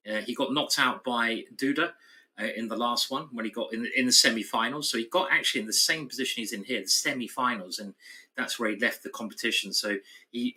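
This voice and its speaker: A man's voice: medium pitch, bright, forceful tone, low-quality recording. A man giving live chess commentary, thinking aloud through the moves with an analytical, playful manner.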